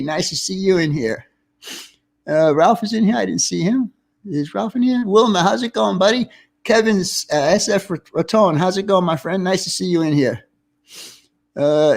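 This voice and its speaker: Man, high voice, casual livestream host, chatty, greeting viewers.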